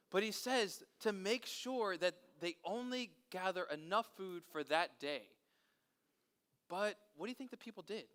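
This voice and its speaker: A man leading a children's service outdoors, telling a Bible story and quizzing the kids. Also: high-pitched. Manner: animated, asks kids questions. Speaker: children's pastor. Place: outdoors in a park.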